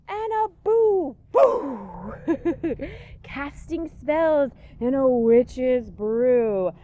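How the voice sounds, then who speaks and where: A woman's voice: very high-pitched, a little mellow, slight background noise. A woman leading a kids yoga class, giving playful, encouraging cues and telling a rhyming story.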